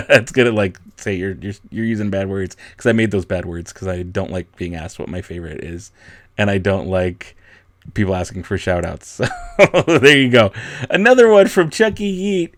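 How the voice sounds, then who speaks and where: A young man hosts a casual livestream, reading and answering chat, laughing often and rambling in a self-deprecating way. His expressive voice sits low and moves at normal speed, recorded in studio quality with no echo.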